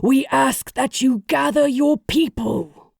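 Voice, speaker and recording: Charon, a woman voicing a deep grizzled boatman god. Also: slow, creaky, dry recording, clean studio sound, full character voice. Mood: solemn command. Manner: grave and commanding. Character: ancient grizzled male boatman god of the dead.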